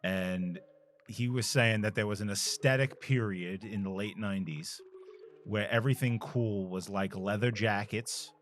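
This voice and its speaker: A man's voice: fairly low pitch, a little slow, slight background noise. A man co-hosting a retro video game playthrough, chatting casually with crude jokes and frequent laughter. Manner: joking, crude, laughs often. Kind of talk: casual gaming chat.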